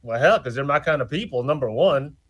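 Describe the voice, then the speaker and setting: A man voicing a crude, rough-talking country man on a dating show, over a video call. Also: mid-range voice, expressive, a bit bright. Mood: brash. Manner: brash, swearing, drawn-out emphasis.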